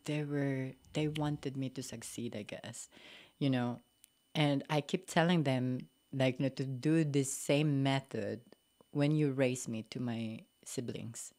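A young woman with a Filipino accent speaks in a strikingly low-pitched voice. She talks candidly and reflectively as a podcast guest, leaning on "like" and "you know" and laughing easily. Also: fairly even intonation, measured pace, a little mellow. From Philippines. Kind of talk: casual interview conversation.

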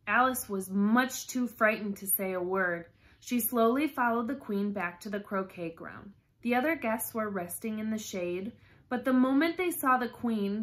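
A woman reading a children's storybook aloud, slowly and carefully, with lively expression. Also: mid-range voice.

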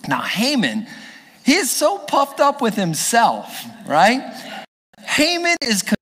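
A man's voice: very high-pitched, huge pitch swings, takes it slowly, a bit bright. A male pastor giving a humorous, storytelling sermon in a church. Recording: echoey church hall.

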